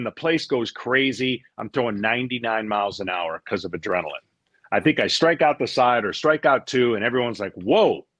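A middle-aged man, a former pitcher, telling stories in a casual interview; he acts out what people said and often repeats words as he goes. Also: slightly rough, no room sound. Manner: animated storyteller, acts out quotes, repeats words.

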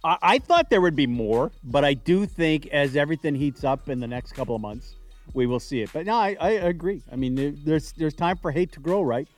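A man co-hosting a sports talk show, with a high voice that swings widely in pitch. He tells stories emphatically in casual banter, with faint music underneath. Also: a little fast. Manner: lively storyteller, emphatic. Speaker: sports radio co-host.

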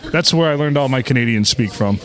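A man's voice: medium pitch, animated, fast talker, a faint crowd. A man co-hosting a casual podcast from a bar, joking around and laughing often. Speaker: podcast co-host. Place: bar on a Sunday night.

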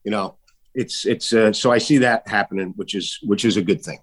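A man, an artist guest talking in a casual, emphatic way, swearing often and jumping his voice high when he mimics others. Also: fairly quick. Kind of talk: casual political chat.

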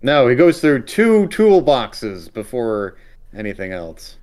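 A man's voice: medium pitch, very animated, slow, a little mellow. A man co-hosting a casual podcast chat, mostly giving brief agreements and dry quips. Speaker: podcast co-host.

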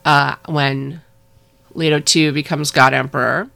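Low gravelly woman chatting on a podcast. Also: fairly even intonation, measured pace, fairly bright tone. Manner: rambling with fillers and laughs. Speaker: podcast co-host. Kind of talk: casual chat.

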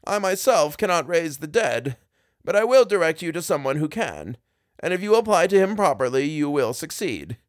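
A man's voice: a little high, very animated, moderate pace, no room sound, clean studio sound, pitched above the performer's own voice. A man voicing a stern old priest who commands and rages in a storybook reading. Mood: grave. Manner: commanding, shouts in anger. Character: stern old Taoist priest, quick to rage.

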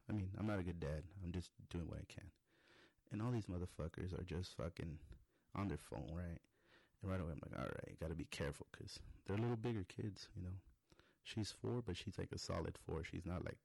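A man's voice: low voice, normal speed, gravelly, darkish tone, dry recording. A man, a father, telling a rambling story full of swearing and acted-out quotes as a comedy monologue. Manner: rambling, heavy swearing, acts out quoted lines.

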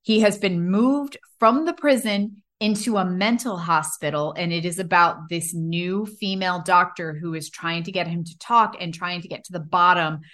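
A woman's voice: on the low side, fairly even intonation, moderate pace, few pauses, fairly bright tone. Enthusiastic woman podcast co-host. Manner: enthusiastic, swearing freely. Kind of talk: casual chat.

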